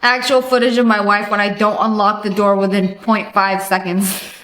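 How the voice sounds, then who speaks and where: A woman's voice: medium pitch, flat delivery, normal speed, a bit bright. A woman hosting a reaction video, chatting casually, laughing and acting out exaggerated disgust. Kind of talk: casual commentary. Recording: roomy echo.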